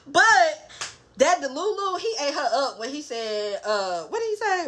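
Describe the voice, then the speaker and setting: Sassy, bright-voiced woman recapping reality TV. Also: high-pitched, measured pace. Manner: sassy, animated, laughing, quoting cast members in asides. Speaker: reality TV reviewer. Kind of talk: casual recap commentary.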